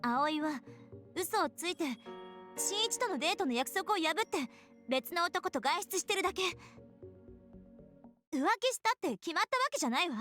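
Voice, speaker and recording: A woman voicing a calm young schoolgirl in a visual novel, composed and coaxing. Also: extremely high pitch, brisk, long pauses, faint music behind, exaggerated voice. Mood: reassuring.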